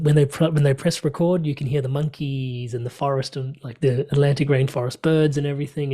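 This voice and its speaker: A man, a podcast guest, telling a personal story in conversation, animated and laughing often. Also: medium pitch. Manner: animated, laughs often, acts out quoted dialogue.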